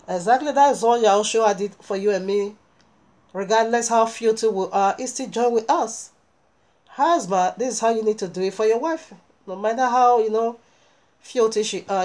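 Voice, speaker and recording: A woman preaching a sermon, reading scripture aloud and explaining it verse by verse with emphatic exhortations. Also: mid-range voice.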